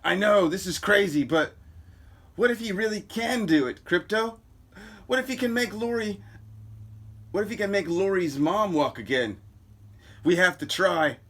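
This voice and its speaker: A man's voice: high voice, normal speed, long pauses, voice pushed up. A man voicing a brash, impatient teenage boy superhero in a comic book reading. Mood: pleading. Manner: loud, exasperated.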